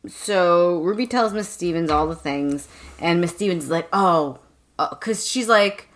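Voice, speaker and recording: Sarcastic woman recapping a book, lowish voice, loose chat. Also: moderate pace, a bit bright, a little hiss or hum. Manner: wry, sarcastic asides. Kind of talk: casual book-club chat.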